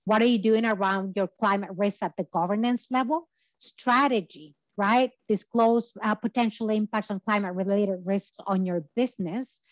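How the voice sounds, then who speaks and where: A woman at a middle pitch presents lecture slides, explaining each point with frequent hesitations. Her voice sounds a little worn from a long day of talking. The sound is dry and slightly muffled. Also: steady tone, normal speed, no room sound. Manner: explanatory, many filler uhs. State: tired voice from talking all day. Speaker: guest lecturer.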